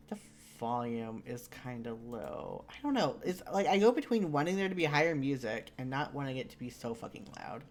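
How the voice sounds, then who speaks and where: A host reading visual novel narration aloud to friends in an animated, wry way, swearing casually. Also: medium pitch, fairly quick, few pauses.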